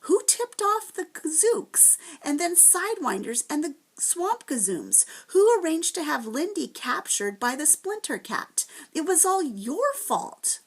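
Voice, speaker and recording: A woman's voice: sits high, normal speed, creaky, pitched above the performer's own voice. A woman voicing an angry boy who stands up to a bully in a storybook reading. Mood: furious.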